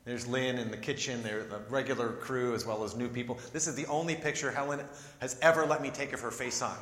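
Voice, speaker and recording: A man's voice: mid-range voice, fairly even intonation, a little fast, fairly bright tone. A male pastor making a conversational appeal for giving and recounting the church's week. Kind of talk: sermon and offering appeal. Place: church sanctuary. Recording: roomy church reverb.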